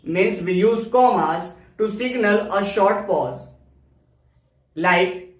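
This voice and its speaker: A woman teacher, explaining grammar step by step to young students in a deliberate classroom manner. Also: medium pitch. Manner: slow, deliberate explaining with worked examples. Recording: roomy echo.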